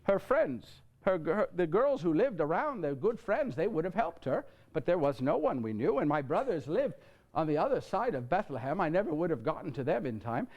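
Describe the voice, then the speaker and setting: A man's voice: fairly high pitch, normal speed, lo-fi sound. A man playing a flustered young carpenter. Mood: earnest, flustered. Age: young adult. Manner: animated, stammering repeats, speaks straight to the audience. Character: young male carpenter, nineteen, earnest and flustered. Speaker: actor in one-man show. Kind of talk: live theatrical monologue. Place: church before a live audience.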